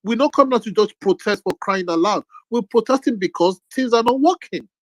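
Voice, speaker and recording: Brief: male co-host, fast, calming, rambling, high voice. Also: dry recording, rough recording. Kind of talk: live debate.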